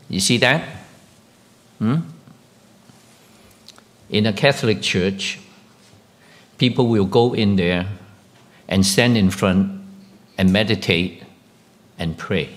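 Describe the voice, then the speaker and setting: Slow-speaking pastor preaching a sermon. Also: male voice, fairly bright tone. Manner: slow, halting delivery with questions to the congregation; rises sharply in pitch and volume when emphatic.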